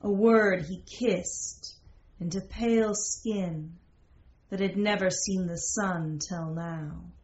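Slow, measured woman storyteller. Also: fairly low pitch, darkish tone. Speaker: story narrator. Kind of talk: scripted narration of a fantasy romance. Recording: roomy, slightly dull recording.

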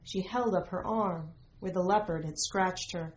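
A woman narrating a storybook in a measured, old-fashioned storytelling manner. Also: on the low side, highs cut off. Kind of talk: storybook reading.

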